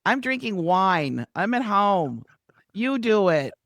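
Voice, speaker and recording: A carefree woman star who is happy to skip her own show, as a woman puts her on. She drawls in a loud, offhand, raised voice, well above her usual speaking pitch, and the sound is close and dry. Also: big pitch swings, slow, no room sound, exaggerated voice.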